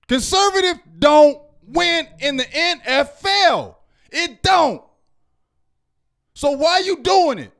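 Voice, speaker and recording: A man hosting a sports reaction show, ranting heatedly and yelling at times. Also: extremely high pitch, lively intonation, slow pace, creaky. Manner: loud, fired-up, repetitive, yells at times. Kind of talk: heated fan rant.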